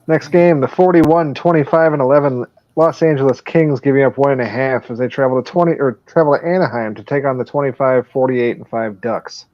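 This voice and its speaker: A man's voice: mid-range voice, brisk, few pauses, darkish tone, no room sound, dull audio. A man hosting a casual sports betting podcast, swearing and laughing as he runs through picks. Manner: profane, laughing, loose. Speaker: podcast host.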